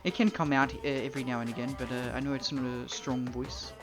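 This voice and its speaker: A man's voice: mid-range voice, steady tone, fast talker. A young man giving casual, rambling commentary while live-streaming a game, playful and prone to swearing. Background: game music.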